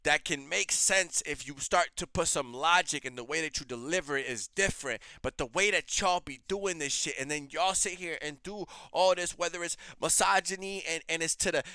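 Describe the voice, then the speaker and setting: High-voiced guy going off on a rant, crisp clear voice, dry sound. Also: moderate pace, few pauses, bright, forceful tone, dry recording. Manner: blunt, heated, profane. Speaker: reaction show host. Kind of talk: ranting commentary.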